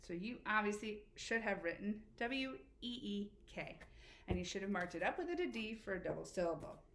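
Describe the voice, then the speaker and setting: A woman teacher giving a spelling lesson to children, patient and encouraging, slowly spelling letters out. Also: medium pitch, expressive. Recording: echoey room with faint background noise.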